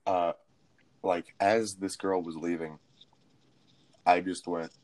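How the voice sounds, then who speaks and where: A man's voice: deep voice, level tone, measured pace, pauses often. A young man co-hosting a podcast, telling a rambling, profane story in casual chat. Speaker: podcast co-host.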